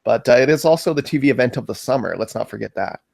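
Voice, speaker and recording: A man co-hosting a casual movie review podcast, dropping dry, deadpan remarks. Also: medium pitch, fast talker, gravelly, no room sound. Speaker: podcast co-host.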